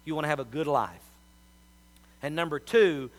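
A man's voice: a little high, moderate pace, long pauses. A middle-aged man, preaching a sermon as a pastor and telling folksy stories.

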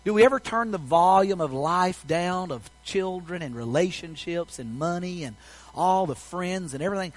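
A man preaching a sermon in a folksy storytelling way, swinging between loud passages and hushed ones. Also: sits high, normal speed, poor audio.

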